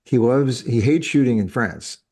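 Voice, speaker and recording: A podcast host in his fifties who lives in France chats through a casual interview, rambling, correcting himself and chuckling often. His voice is medium-pitched and animated, with a darkish tone and a slightly slow pace.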